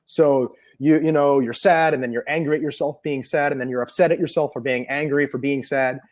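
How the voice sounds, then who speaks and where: A man's voice: medium pitch, fairly even intonation, brisk. A man being interviewed as an NLP trainer, explaining ideas earnestly and piling up examples.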